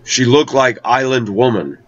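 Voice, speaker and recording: A man telling a personal travel story in a conversational way, slowing down to draw out key words. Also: mid-range voice. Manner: conversational, with slow, drawn-out emphasis. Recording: dull lo-fi recording.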